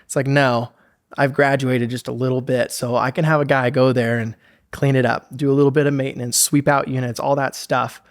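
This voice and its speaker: A man in his twenties, a guest on a podcast interview, telling stories in an upbeat, animated way and acting out quotes. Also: mid-range voice, brisk, dry recording, clean studio sound. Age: 20s. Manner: upbeat, animated storyteller who acts out quotes. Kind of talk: conversational interview.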